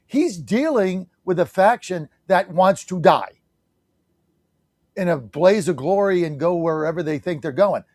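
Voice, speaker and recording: Radio host guy, kinda high voice, blunt and salty, dry close mic. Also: animated, a little slow, a little mellow, no room sound. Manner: blunt, fired up, salty language. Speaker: radio talk show host. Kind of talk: opinionated talk radio commentary.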